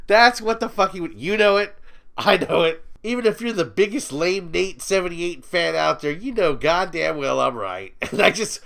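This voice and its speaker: A man's voice: sits high, expressive, moderate pace, gravelly, a bit bright. A man ranting in a commentary video, profane, mocking and sneering as he talks down to his target. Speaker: YouTube commentator.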